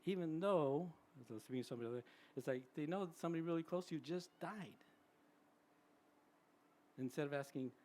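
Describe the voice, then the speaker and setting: A man's voice: medium pitch, a little fast, warm tone. Chatty man in his sixties giving a talk. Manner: chatty, tags sentences with "right?". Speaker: psychologist speaking at a symposium. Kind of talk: conversational public talk. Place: live event venue.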